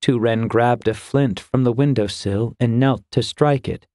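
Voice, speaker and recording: A man reading a fantasy novel aloud in a steady, measured storytelling voice. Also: mid-range voice, no room sound, studio quality. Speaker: audiobook narrator. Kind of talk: scripted fantasy narration.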